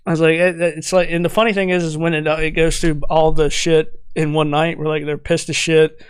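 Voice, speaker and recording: A man's voice: on the high side, flat delivery, a little fast, clear, resonant tone, dry recording. A man co-hosting a podcast in casual chat, rambling and laughing, with heavy swearing. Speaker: podcast co-host.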